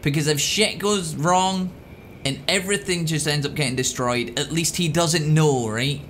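A man giving profane, excitable, joking commentary while he plays a video game. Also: a little high, normal speed, slight background noise. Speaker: let's play host.

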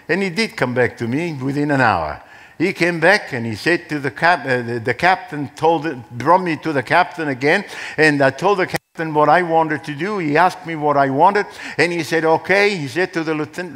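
Older male pastor, slightly high voice, animated sermon storytelling, long hall reverb. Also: normal speed. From Australia. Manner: animated storytelling, acting out quoted dialogue. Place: church hall.

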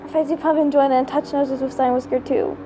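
A woman reading her own fan story aloud, halting now and then to restart and fix words. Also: sits high, steady tone, dark tone, slight background noise. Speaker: storybook reader.

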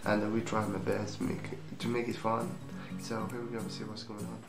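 A man's voice: fairly low pitch, level tone, moderate pace, creaky, over music. A man hosting a reaction video in a casual style, exclaiming often and asking his viewers questions. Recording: echoey room with song playing behind.

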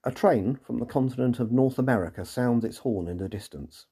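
A man's voice: medium pitch, fairly quick, warm tone, husky. A man hosting a podcast, reading a scripted episode recap with dry, sarcastic asides. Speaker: podcast host and narrator.

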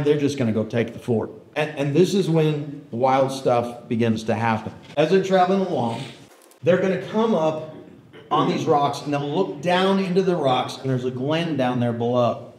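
Animated male historian telling a story. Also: on the high side, normal speed. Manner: animated, keeps checking in with the audience. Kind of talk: storytelling lecture. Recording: roomy hall echo.

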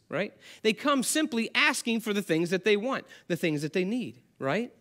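A man with a notably high voice delivers a church sermon in a loose, conversational way. He keeps throwing questions to the congregation and answering them himself. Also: very animated, normal speed, hardly any pauses, fairly bright tone. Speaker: pastor.

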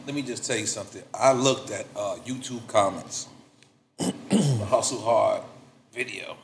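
A middle-aged man hosting a casual interview, asking emphatic questions in an animated way. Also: on the low side, a little slow, vocal fry, slight background noise. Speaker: podcast host. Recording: roomy studio sound.

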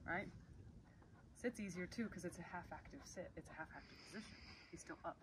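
A woman dog trainer demonstrating a lesson, explaining calmly and praising the dog softly between cues. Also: fairly low pitch, brisk. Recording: distant mic, noisy outdoor background.

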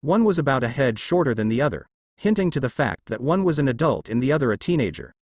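A man reading a fan fiction story aloud, moving briskly through the narration and lifting his voice a little for the quoted lines. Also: mid-range voice, very animated, a little mellow, dry recording.

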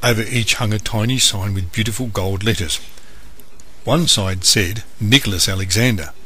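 A man reading a bedtime story aloud, gentle and measured. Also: on the low side, slight background noise.

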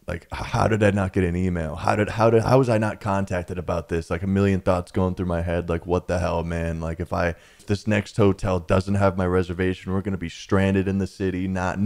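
A man's voice: low-pitched, fairly quick, few pauses, darkish tone. A young man tells a travel story in a casual, rambling way, often saying "man" and "dude". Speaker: vlogger telling a travel story.

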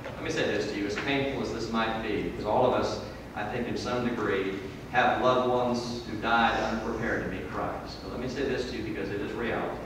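A man preaching a sermon in a church, swinging from loud emphatic peaks to low, quiet drops. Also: fairly even intonation, a little fast, few pauses, noisy background. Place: church hall. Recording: echoey hall from far off.

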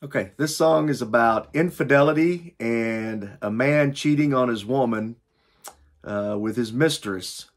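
A man talks straight to his viewers as host of a music reaction channel. His voice sits at an ordinary middle pitch, and his delivery is chatty and plain-spoken, with the odd dry, sarcastic aside. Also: a little slow. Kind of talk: casual chat to camera.

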